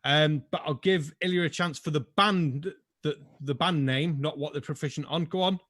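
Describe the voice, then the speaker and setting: A man hosting an online pub quiz in a casual, sarcastic way, throwing in quick asides and swearing now and then. His voice sits a little high for a man. The recording is dry and close, with no room echo. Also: a bit bright.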